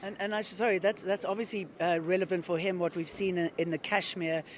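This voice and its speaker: A woman anchoring a live news broadcast, conversational with quick interjections to her guest. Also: fairly low pitch, fairly even intonation, slight background noise.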